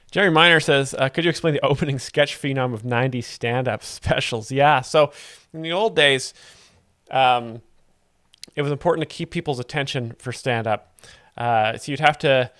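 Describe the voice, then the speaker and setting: A man gives mock-serious joke explanations in a deadpan voice, hesitating often with ums. The recording is close and dry, with no room sound. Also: mid-range voice, normal speed, no echo. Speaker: comedy host explaining jokes.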